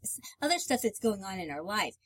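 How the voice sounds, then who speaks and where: Animated woman co-host telling stories. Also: medium pitch, brisk, breathy edge. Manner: animated storyteller, chimes in to finish thoughts. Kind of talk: conversational relationship advice show.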